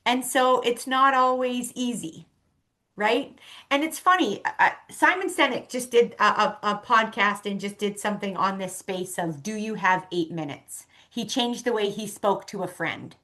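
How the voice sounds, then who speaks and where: A woman's voice: medium pitch, lively intonation, unhurried, bright, forceful tone. A woman talking as a podcast guest, earnest and conversational, with many fillers and restarts. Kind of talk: casual conversation.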